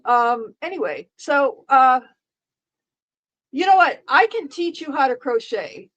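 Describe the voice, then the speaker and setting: A woman's voice: high voice, sing-song, takes it slowly, fairly bright tone, muffled recording. A middle-aged woman streaming live, chatting casually in a dry, sarcastic, rambling way with frequent restarts.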